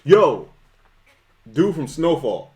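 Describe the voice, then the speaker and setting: A man co-hosting a livestreamed podcast, his pitch jumping around as he jokes. He talks in easy slang and gives shout-outs to the people watching. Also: very animated, drawn-out words. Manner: joking, slangy, shouts out listeners. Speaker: podcast co-host. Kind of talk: casual chat.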